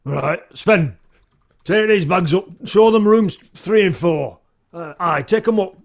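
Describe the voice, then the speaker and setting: A man voicing a gruff, bossy middle-aged male innkeeper in a tabletop role-play, curt and grumbling as he barks orders. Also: high voice, slow, exaggerated voice.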